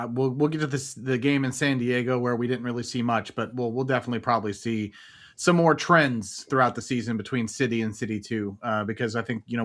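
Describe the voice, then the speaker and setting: A man's voice: medium pitch, fairly bright tone. Man agreeing in a soccer podcast. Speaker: podcast co-host. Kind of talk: casual sports podcast chat.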